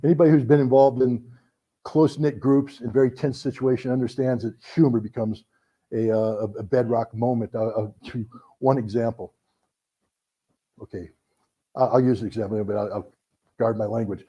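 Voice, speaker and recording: A middle-aged man telling a story to an audience, animated, acting out the voices in his anecdotes. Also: mid-range voice, moderate pace, pauses often, husky. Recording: dull lo-fi recording.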